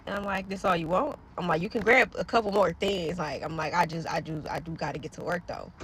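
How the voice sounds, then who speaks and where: A woman's voice: fairly low pitch, quick pace, a bit bright, a little hiss or hum. A woman earnestly recounting a personal faith story to her followers. She rambles, trails off and keeps speaking to viewers directly. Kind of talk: casual spoken testimony to followers.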